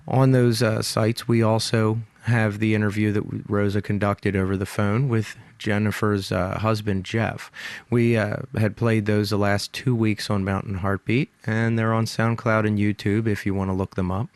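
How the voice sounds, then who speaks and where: A man's voice: on the low side, no room sound. A man hosting a radio show, reading the sign-off steadily with a few small hesitations, close to a studio mic.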